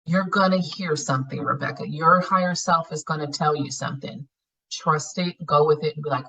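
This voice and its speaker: A woman leads a spiritual healing class in a blunt, profane, animated way. Her voice sits low but sounds bright and husky. She is picked up from a little way off the mic. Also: moderate pace, far from the mic, rough recording. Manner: blunt, profane, animated coaching with frequent laughs. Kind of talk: live online class teaching.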